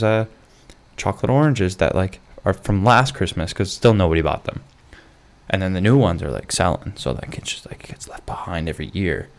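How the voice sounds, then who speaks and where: A young man talks alone into a mic in his bedroom, drifting from one tangent to the next with a steady stream of fillers. His voice sits low with a gravelly fry, and the humor is dry and self-mocking. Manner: rambling, full of "like" fillers and restarts. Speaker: podcast host. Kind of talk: rambling solo monologue. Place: his bedroom, lamp in the corner.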